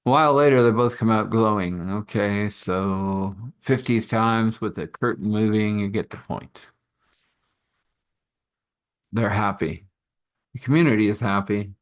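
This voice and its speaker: Low-voiced man telling a rambling story. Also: a little slow, long pauses. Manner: rambling, loose and conversational with fillers. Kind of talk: improvised spoken storytelling.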